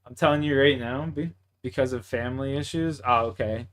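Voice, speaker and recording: A man's voice: mid-range voice, brisk, a bit bright, a little hiss or hum. Brief: young Canadian guy, laid-back and profane, casual banter. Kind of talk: casual chat.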